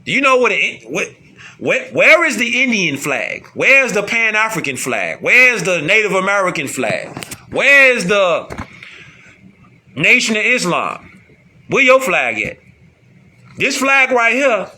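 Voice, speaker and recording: A man's voice: high-pitched, big pitch swings, slow pace, pauses often, sharp tone, husky. A man giving a casual, slangy streetwise monologue, repeating himself and firing off rhetorical questions. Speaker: online commentator.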